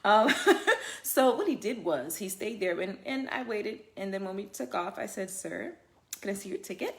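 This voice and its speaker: A woman working as a flight attendant, telling a story in a casual livestream with emphatic, animated delivery and frequent laughter. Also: medium pitch, normal speed.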